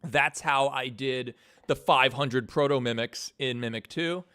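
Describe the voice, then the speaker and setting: A man's voice: mid-range voice, a little slow, sharp tone, smooth, dry recording, clean studio sound. A man hosting a casual stream, walking through his animation work in a laid-back, joking way, swearing and laughing often. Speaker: animator and channel host.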